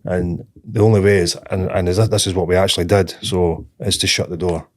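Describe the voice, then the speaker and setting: A man co-hosting a business podcast, speaking in a calm, plain-spoken, measured way. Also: low voice. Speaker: podcast co-host. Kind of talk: casual chat.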